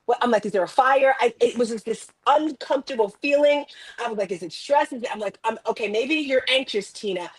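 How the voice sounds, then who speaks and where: An animated woman coach tells her story in an interview. Her voice sits a little high, and she lively acts out what she says to herself. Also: fast, slightly rough. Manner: animated, acts out her own self-talk in quoted asides. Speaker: life coach and author. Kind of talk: emotional personal storytelling in an interview.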